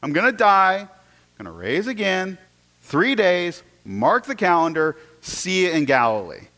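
A man voicing the risen Jesus as a calm man giving plain, direct instructions in a sermon retelling. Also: high voice, unhurried, exaggerated voice. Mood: instructing.

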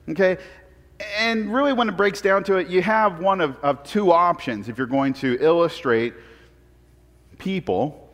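Pastor guy joking through a sermon story, kinda high voice, echoey church hall. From Portland, Oregon. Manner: animated storytelling, self-deprecating humor. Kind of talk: sermon with personal stories. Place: church sanctuary.

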